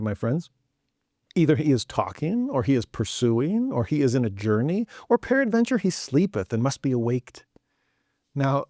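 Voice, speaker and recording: A man hosting a scripture lesson as casual commentary, humorous and animated, often slipping into joking voices. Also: medium pitch, no echo, studio quality. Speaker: scripture teacher and podcast host.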